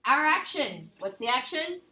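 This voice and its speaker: Woman teacher, slightly high voice, quizzing students in an echoey classroom. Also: very animated, moderate pace, sharp tone. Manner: quizzing students, repeating answers back. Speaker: Spanish teacher. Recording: echoey classroom with faint noise.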